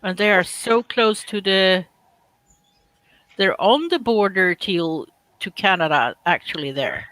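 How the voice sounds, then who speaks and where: Bright-voiced Swedish man in casual chat. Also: sits high, animated, takes it slowly, dry recording. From Sweden. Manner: chatty, slightly broken English, musing aloud. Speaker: chat participant.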